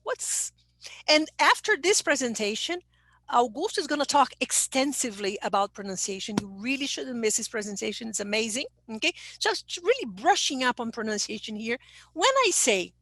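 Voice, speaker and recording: A woman's voice: on the high side, lively intonation, moderate pace, a bit bright, no room sound. An older woman, a teacher trainer giving an online webinar who explains patiently and keeps checking in with "okay?". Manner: explanatory, reads chat aloud, frequent "okay?" check-ins.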